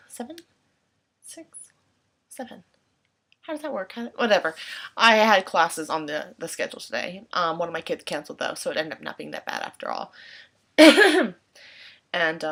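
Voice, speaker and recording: A woman's voice: lowish voice, fairly bright tone. A young woman in her twenties, chatting casually into her laptop webcam at home at night, rambling and correcting herself as she goes. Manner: rambling, self-correcting, chatty with quoted asides. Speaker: English teacher in Japan. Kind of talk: casual vlog chat.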